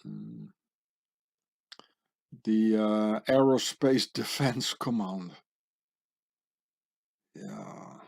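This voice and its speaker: This man's lowish, darkish voice swoops wildly in pitch, with drawn-out words, creakiness, and long pauses. Hosting his own channel, he comments on images in a screen share, sardonic and conspiratorial, often adding tag questions.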